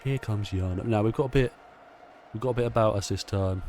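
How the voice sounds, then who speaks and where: A man, host of a gaming channel, excitedly commentating his own racing game with a chatty, casual manner. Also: fairly low pitch, fairly quick, slight background noise.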